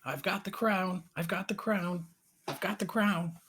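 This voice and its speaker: A man's voice: medium pitch, big pitch swings, measured pace, background noise. Edward, a man doing a talkative raven. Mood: triumphant. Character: proud, talkative male raven hero.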